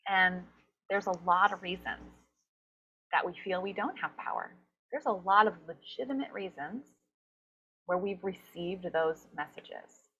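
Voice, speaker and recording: A woman coach for actors speaks as a summit guest, with a bright, clear voice. She stays animated and expressive. She slips into little inner voices as she talks. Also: fairly low pitch, measured pace, lo-fi sound, slight background noise. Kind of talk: summit interview conversation.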